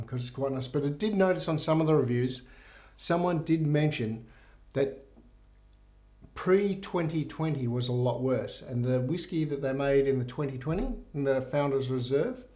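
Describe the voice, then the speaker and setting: A man's voice: mid-range voice, darkish tone. A man reviewing whisky in a loose, rambling, casual way, swearing freely. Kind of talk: casual joke-telling and review.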